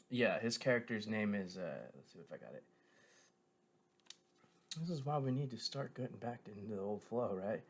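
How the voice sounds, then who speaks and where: Rambling man in casual commentary. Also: mid-range voice. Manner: meandering, filler-heavy, frequent self-corrections; enthusiastic fan tone. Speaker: show reviewer.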